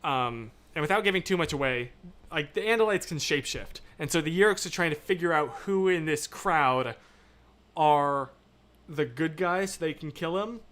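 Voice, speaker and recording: A man hosting a livestream, chatting casually and reading viewer comments, rambling and animated, swinging between loud and hushed. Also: a little high, moderate pace. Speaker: livestream host.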